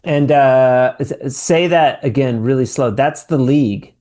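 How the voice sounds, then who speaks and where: A man's voice: mid-range voice, unhurried, mellow. A man from the United States hosting a podcast, easygoing and joking, repeating his guest's answers back. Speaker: podcast host. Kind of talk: casual interview chat.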